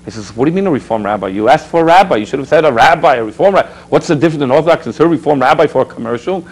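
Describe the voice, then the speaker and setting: A man's voice: on the high side, animated, racing, low-quality recording. A man, a rabbi hosting a public access TV show, preaching with rhetorical questions and telling stories to his viewers. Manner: exhorting, rhetorical questions, storytelling asides. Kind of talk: animated preaching talk with anecdotes.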